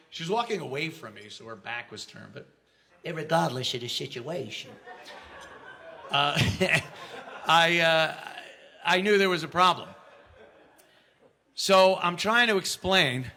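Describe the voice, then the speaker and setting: A man's voice: a little high, pushed and bright, a little hiss or hum. A man giving a speech, telling an anecdote with lots of restarts and quoting people in an acted-out voice. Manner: storytelling, acting out quotes with raised voice; frequent restarts and stammers. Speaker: conference speaker.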